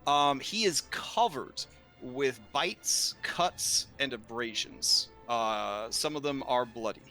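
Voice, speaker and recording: A game master runs a tabletop game, narrating slowly and drawn out in a bright, clear, medium-pitched, animated voice. He rambles, pauses often with hesitant fillers, and laughs a lot, with faint music underneath.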